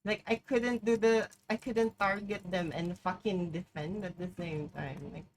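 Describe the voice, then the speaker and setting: A woman's voice: lowish voice, fairly even intonation, unhurried, poor audio. A woman streamer talking through a live game, exclaiming, swearing and poking fun at herself. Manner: swearing, exclaiming, self-mocking. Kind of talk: live gameplay commentary.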